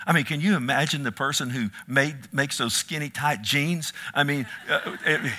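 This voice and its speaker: A male pastor preaching to his church with a bright, forceful voice. He reads scripture, asks for amens and slips into playful teasing asides. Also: fairly high pitch, normal speed, few pauses, slight background noise. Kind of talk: sermon.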